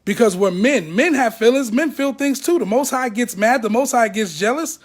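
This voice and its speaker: An ex-member speaks out to camera in a very high-pitched voice at normal speed. Emotional, blunt and profane, he animates the people he describes by acting out their words.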